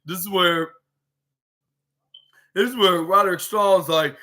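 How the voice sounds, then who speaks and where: A man hosting a podcast, recapping a wrestling show in a halting, rambling way with many fillers and restarts, acting out what the wrestlers said. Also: high voice, steady tone, pushed and bright. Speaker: podcast host.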